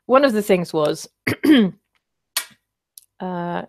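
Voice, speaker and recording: A woman's voice: lowish voice, lively intonation, very slow, darkish tone. A woman hosting a casual livestream, chatting and rambling as she answers viewer comments, with wry self-deprecating asides.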